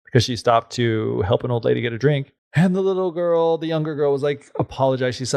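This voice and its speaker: A man with a gravelly, creaky voice and a middle pitch, retelling an old fairy tale in a loose, chatty way full of fillers. His voice is recorded close and dry, with no room sound. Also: fast talker, hardly any pauses, darkish tone, no room sound. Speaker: podcast co-host.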